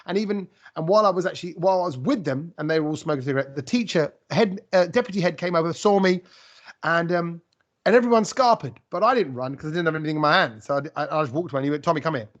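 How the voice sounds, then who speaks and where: A man hosting a podcast, telling stories in a rambling, animated way with lots of restarts. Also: a little high, fast talker, dull audio. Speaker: podcast host. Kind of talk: casual conversational interview.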